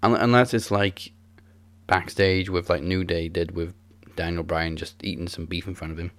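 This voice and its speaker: Low-voiced, laid-back man. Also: steady tone, moderate pace. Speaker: podcast co-host. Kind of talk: casual wrestling chat.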